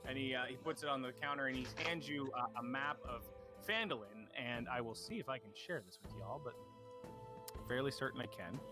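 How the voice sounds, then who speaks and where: A man's voice: medium pitch, a little fast, music in the background. A man running a tabletop game as dungeon master, talking loosely with lots of restarts. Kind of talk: casual tabletop game narration.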